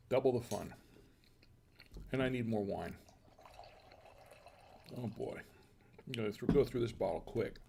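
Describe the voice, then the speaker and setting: A man hosting a home wine and cheese tasting, talking casually and thinking aloud with restarts and quiet asides. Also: mid-range voice, vocal fry, slight background noise. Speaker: host of a wine tasting show.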